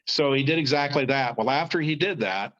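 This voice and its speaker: A man's voice: mid-range voice, brisk, a bit bright, muffled recording. Older man telling a folksy story. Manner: folksy, rambling, frequent restarts. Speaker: author and guest. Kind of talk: storytelling in casual conversation.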